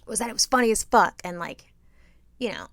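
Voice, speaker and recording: A middle-aged woman co-hosting a casual chat, telling a story in an animated, profane way and acting out what people said. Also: mid-range voice, brisk, creaky, no room sound. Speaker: podcast co-host.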